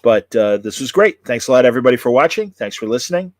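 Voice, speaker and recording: A man's voice: medium pitch, lively intonation, quick pace, no room sound. A man hosting a casual online talk show, rambling with many fillers and restarts as he chats and signs off. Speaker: host. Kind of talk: casual chat.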